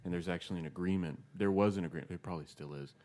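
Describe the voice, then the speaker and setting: A man's voice: deep voice, racing, warm tone. A man co-hosting a podcast in casual chat, rambling and wry, often restarting his sentences. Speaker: podcast co-host.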